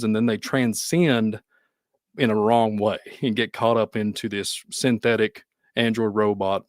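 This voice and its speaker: A man with a Kentucky accent hosting a podcast, talking in a rambling, animated way with frequent laughs. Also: mid-range voice, dry recording, studio quality. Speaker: podcast host. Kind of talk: casual conversation.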